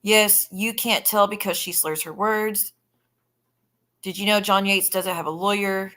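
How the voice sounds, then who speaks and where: A woman chatting on a casual live stream with a bright, forceful voice. She talks bluntly and swears freely, reacting to messages and greeting her viewers. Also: medium pitch, steady tone, unhurried. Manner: blunt and profane, chatting with viewers while scrolling. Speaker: livestreamer.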